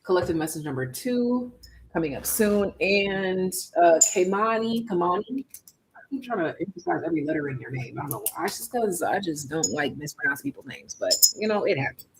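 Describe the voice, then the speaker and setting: A tarot reader giving a casual live-stream reading, chatty and slangy, thinking aloud and swinging between hushed asides and loud exclamations. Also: mid-range voice, expressive, brisk, a little hiss or hum, rough recording.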